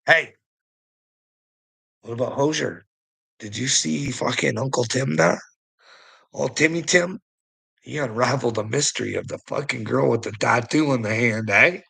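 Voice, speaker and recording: Gravelly, chuckling man rambling casually. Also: mid-range voice, normal speed, a bit bright, rough recording. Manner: chuckles often, swears, rambling. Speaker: online commentator. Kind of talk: casual rambling commentary to a viewer.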